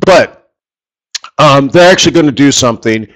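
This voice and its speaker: A man hosts a live trading session in a loose, rambling way. He talks through his ideas and keeps putting questions to the people watching. His voice sits at an ordinary, middle pitch. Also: expressive, moderate pace, fairly bright tone. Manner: chatty, rambling, asks viewers questions. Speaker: forex trading host.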